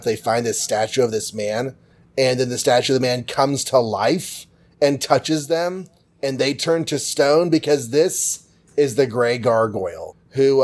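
A man's voice: mid-range voice, a little mellow. A man hosting a podcast, recapping a comic book in a chatty, jokey way. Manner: chatty, jokey, full of fillers. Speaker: podcast host.

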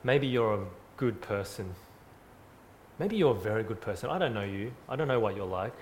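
A man preaching a sermon, earnest and emphatic, repeating phrases and swinging from loud to soft. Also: on the low side, lively intonation, moderate pace, a little hiss or hum. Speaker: pastor.

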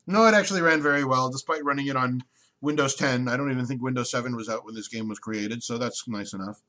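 Bright-voiced rambling podcast man. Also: medium pitch, fast. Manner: rambling, opinionated, with many restarts. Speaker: podcast co-host. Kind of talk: casual chat.

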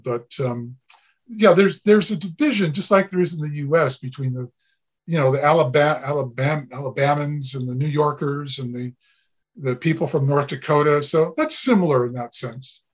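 A man's voice: mid-range voice, moderate pace, breathy edge. A man from Canada, a podcast guest, talking in a rambling, anecdotal way with many fillers. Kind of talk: casual podcast chat.

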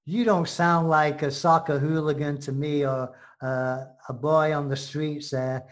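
A brash American host who jokes, heckles and argues playfully. The voice sits at a middle pitch. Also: steady tone, measured pace. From United States. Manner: brash, joking, mock-heckling. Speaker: show host. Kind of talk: bantering radio-style chat.

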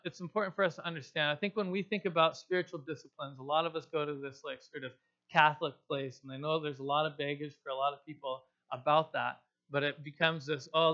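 A man's voice: on the high side, bright, forceful tone, highs cut off. A man preaching a sermon in a casual, conversational way, explaining scripture in plain everyday terms. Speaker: pastor.

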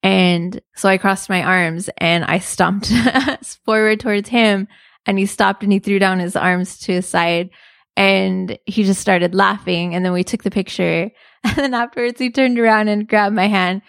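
A woman's voice: medium pitch, steady tone, unhurried, creaky, dry recording, clean studio sound. A young woman telling a funny story in a casual, chatty way, with lots of "like" and laughter.

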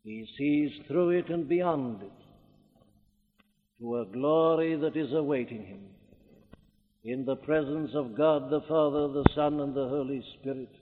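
A man with a Welsh accent preaching a sermon fervently, rising at times to loud declamation. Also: mid-range voice, a little slow, big-room sound, narrow, tinny audio, slight background noise.

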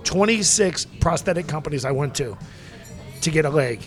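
Rambling animated man telling stories. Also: on the high side, normal speed, faint music behind. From Massachusetts. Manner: rambling, animated, acts out voices in anecdotes. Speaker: interview guest, former pro wrestler. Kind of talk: casual storytelling.

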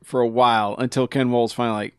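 A man in casual chat about a movie, getting animated and acting out characters' reactions. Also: fast, smooth, no room sound, studio quality. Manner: animated, jumps pitch when quoting.

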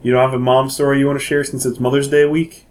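A man in casual chat, relaxed, telling a childhood story with dry humor and chuckles. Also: medium pitch, fast talker, noisy background.

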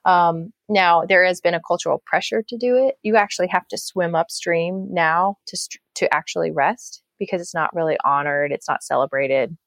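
Woman author guest, reflective and earnest, lowish voice, dry close sound. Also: moderate pace, few pauses, dry recording. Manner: reflective, earnest, frequent restarts. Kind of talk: faith-based podcast conversation.

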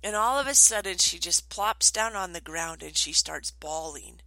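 Woman, middle-aged, trainer, animated storytelling, tense bright voice. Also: fairly low pitch, moderate pace, dry recording, rough recording. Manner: animated, acts out quoted voices. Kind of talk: storytelling talk.

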